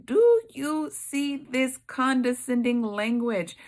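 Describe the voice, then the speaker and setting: A woman teaching a Bible study, reading scripture aloud and commenting with emphatic, expressive reactions. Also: sits high, slow pace.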